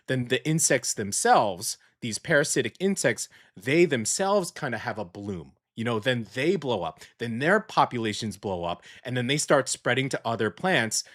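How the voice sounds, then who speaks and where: A man's voice: medium pitch, a bit bright. A man hosting a local radio show, chatting loosely through news with many fillers and restarts. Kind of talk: casual news chat. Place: small radio studio. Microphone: studio mic.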